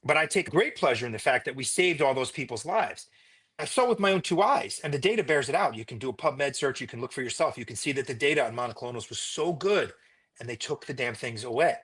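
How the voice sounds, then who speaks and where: A man, a physician, telling stories in a conversational interview in an emphatic, animated way. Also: mid-range voice, fast talker, husky. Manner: emphatic, animated retelling with repetition.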